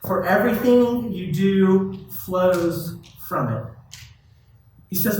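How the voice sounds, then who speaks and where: A man's voice: sits high, measured pace, slight background noise. A man, a youth pastor, giving a casual, conversational sermon and putting direct questions to his listeners. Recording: very echoey hall, distant mic.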